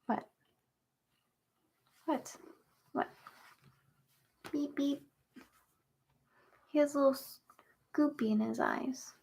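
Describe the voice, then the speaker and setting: A woman's voice: sits high, slow pace, vocal fry, long pauses, darkish tone. A young woman hosting a casual livestream chat, talking to her viewers and cooing at her cat. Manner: chatty, talks baby talk to her cat. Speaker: livestream host.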